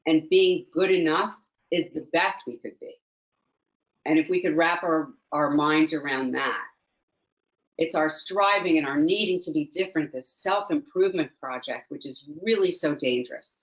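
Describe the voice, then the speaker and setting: A woman's voice: low-pitched, normal speed, muffled recording. A woman mindfulness teacher, a guest in a conversational interview, speaking earnestly and reflectively and repeating phrases for emphasis.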